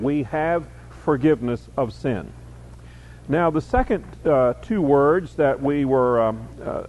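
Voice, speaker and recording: A man teaching a Bible study lecture, explaining words slowly and reading verses aloud with added emphasis, often pausing with fillers. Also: medium pitch, a little mellow, dull audio.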